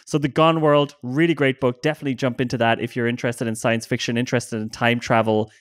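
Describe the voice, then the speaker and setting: A man's voice: medium pitch, little pitch movement, quick pace, no echo, studio quality. A man with an Irish accent co-hosting a casual podcast chat, eagerly giving book and podcast recommendations. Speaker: podcast co-host.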